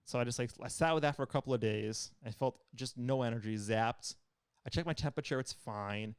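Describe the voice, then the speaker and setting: Fast-talking profane man telling a story. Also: medium pitch, smooth, no echo, clean studio sound. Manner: storytelling, profane, animated retellings. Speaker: podcast co-host. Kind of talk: casual chat.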